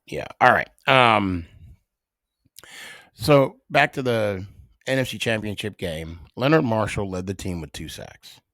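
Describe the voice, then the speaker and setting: Middle-aged male podcast host; lower voice, dramatic pauses, dry close mic. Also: no room sound. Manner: animated storyteller with dramatic pauses. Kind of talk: casual solo podcast storytelling.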